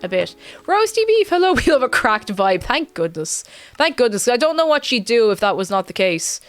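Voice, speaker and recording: A woman's voice: a little high, big pitch swings, moderate pace, no room sound, faint music behind. A woman chatting casually with her viewers while playing a game, rambling and giggling between asides. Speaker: game streamer. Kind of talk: casual live-stream chat while playing.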